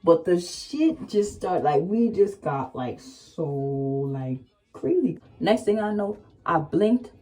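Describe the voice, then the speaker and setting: A young woman vlogger chatting candidly in a casual storytime, heavy with slang and fillers, sometimes rising to excited exclamations. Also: lowish voice, slow pace.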